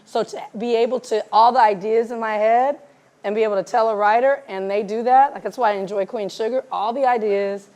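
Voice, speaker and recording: A woman's voice: fairly high pitch, a little fast. A woman film director as interview guest, chatting casually on stage and acting out the dialogue in her stories. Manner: animated storyteller, acts out quoted dialogue. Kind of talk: casual onstage conversation. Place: live event before an audience.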